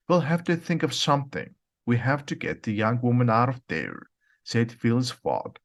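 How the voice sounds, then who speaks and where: A man narrates an easy storybook at a slow, deliberate pace. His pitch moves a lot, rising and falling to carry the story. Every word is spoken clearly for language learners. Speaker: audiobook reader. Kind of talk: graded reader narration.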